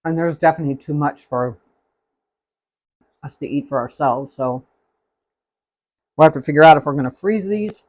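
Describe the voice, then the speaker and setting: A man's voice: a little high, moderate pace, pauses often, darkish tone. A man hosting a live cooking stream, chatting casually and rambling as he tastes the food. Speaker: cooking show host.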